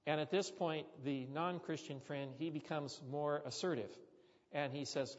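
A man's voice: a little high, steady tone, measured pace. A man preaching a sermon, telling a story with chatty, joking asides to the congregation. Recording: dull sound with long hall reverb.

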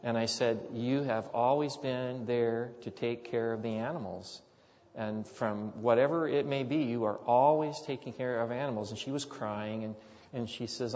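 A man's voice: medium pitch, fairly even intonation, normal speed, a little mellow. A middle-aged man preaching, telling a rambling, folksy personal story with rising emphasis. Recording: dull sound with long hall reverb.

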